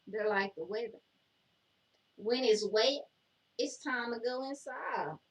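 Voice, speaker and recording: A woman's voice: on the high side, slow pace. A woman co-hosting a casual chat, reading out viewer comments and scolding her partner in sassy banter.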